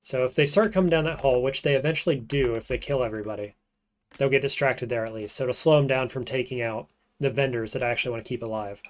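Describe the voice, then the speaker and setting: Fast-talking and medium-pitched, a male streamer runs a roguelike while thinking aloud in casual play-by-play, often drifting off into low muttering.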